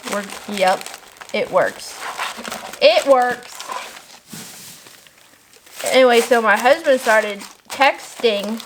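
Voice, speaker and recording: A woman's voice: a little high, unhurried. A woman in her thirties packing shop orders while telling rambling stories and laughing often. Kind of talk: chatty vlog while packing. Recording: noticeable background noise and crinkling packaging.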